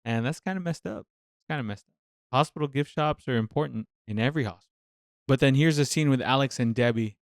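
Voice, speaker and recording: Smooth-voiced man venting about nursing. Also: medium pitch, a little fast, dry recording, studio quality. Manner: passionate, venting, thinks aloud with repeated phrases. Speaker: nurse reacting to a TV show. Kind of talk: casual reaction commentary.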